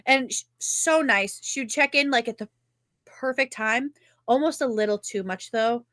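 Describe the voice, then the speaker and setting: A young woman rambles through a story on a casual podcast, swearing without a second thought. Her voice is bright and punchy and sits a little high. It is recorded dry and close. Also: normal speed, no echo. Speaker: podcast co-host. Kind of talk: casual chat.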